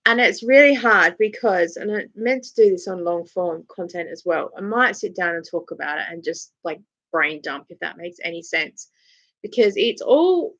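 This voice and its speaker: A woman's voice: lowish voice, a bit bright, dry recording, muffled recording. An Australian woman in her forties hosting a casual live chat, telling stories with frequent laughter. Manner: chatty storytelling, laughs often, acts out voices. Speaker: live-stream host.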